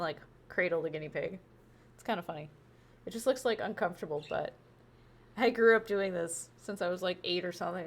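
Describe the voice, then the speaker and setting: A woman's voice: fairly low pitch, fairly bright tone. A woman chatting casually on a live game stream through a wireless headset, bubbly and talkative, cooing now and then at her pet.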